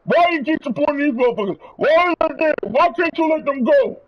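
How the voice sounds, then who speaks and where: A man's voice: extremely high pitch, expressive, fairly quick, few pauses, lo-fi sound. A man streaming, delivering a heated, profane rant to his viewers. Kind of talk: angry rant.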